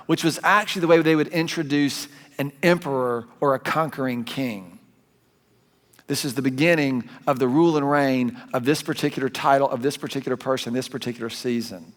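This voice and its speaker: A man with a Southern US accent preaching a sermon as a pastor, conversational and animated, correcting himself as he goes. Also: medium pitch, brisk. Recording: long hall reverb.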